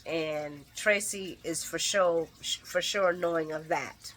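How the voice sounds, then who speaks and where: A woman hosting a casual soap opera recap, chatty and expressive, laughing as she talks and tossing slangy asides to her viewers. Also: mid-range voice. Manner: laughs often while talking.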